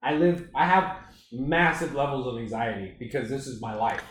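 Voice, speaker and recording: A young man in casual chat with friends, an animated storyteller who acts out his own panic. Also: medium pitch, moderate pace. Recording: echoey room with faint noise.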